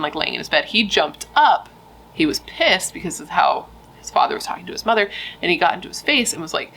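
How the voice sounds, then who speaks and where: Low, gravelly-voiced woman recounting true crime. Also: fairly bright tone, a little hiss or hum, rough recording. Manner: chatty, frequent "like" and "you know" fillers. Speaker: true crime channel host. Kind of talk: casual true crime storytelling.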